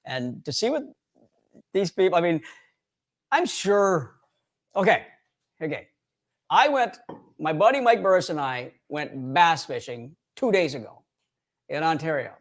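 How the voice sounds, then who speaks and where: A Canadian man with a slightly high voice co-hosts a fishing show livestream, chatting casually. He's animated and laughs easily as he reads out the winners.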